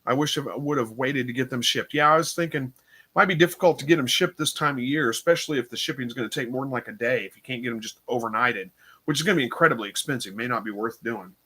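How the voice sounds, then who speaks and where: Tired guy on a live stream, bright tone, kinda rambly and unsure, lots of ums. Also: medium pitch, fast, breathy edge. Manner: rambling, unsure, thinking aloud with fillers. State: tired, yawning. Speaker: livestream host. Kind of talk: casual live chat reading viewer comments.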